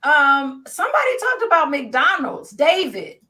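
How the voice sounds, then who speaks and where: High-voiced woman hosting a panel. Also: measured pace. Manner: lively, reads viewer comments aloud. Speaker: host. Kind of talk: live-stream panel hosting.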